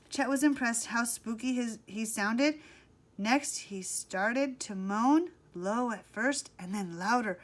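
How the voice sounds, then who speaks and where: A woman narrating a children's book aloud in a slow, expressive read-aloud manner. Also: fairly high pitch. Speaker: audiobook reader. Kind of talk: storybook narration.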